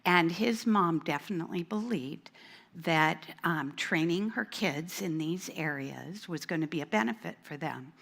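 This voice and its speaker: A woman who worked as a school administrator, telling a lively story at a church event and voicing the people in it, including a small child. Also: on the low side, a little slow, vocal fry. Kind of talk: storytelling talk at a women's event. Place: church hall.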